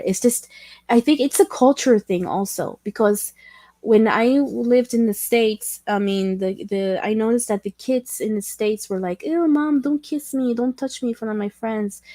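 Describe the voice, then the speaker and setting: A woman hosting a casual livestream chat with viewers, talking in a halting way with many restarts and self-corrections, candid and self-deprecating. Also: medium pitch, dark tone, no echo. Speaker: livestream host chatting with viewers.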